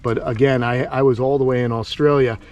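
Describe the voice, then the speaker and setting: A middle-aged man from Long Island hosting a casual vlog outdoors by a tortoise enclosure, rambling and excitable with lots of fillers. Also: medium pitch, a little fast, muffled recording. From Long Island, New York. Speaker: host, tortoise keeper.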